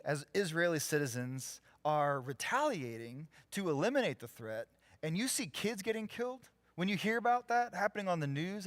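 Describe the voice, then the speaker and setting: Man, pastor, storytelling sermon, lively, acts out quotes, dry close mic. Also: on the high side, no echo. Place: church sanctuary, live.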